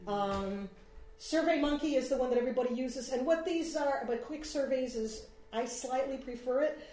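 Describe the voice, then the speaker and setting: The presenter, a woman with a high-pitched, warm voice at normal speed, leads a relaxed workshop on free online tools for a small audience. She rambles and uses fillers often, and the recording carries room echo and slight noise.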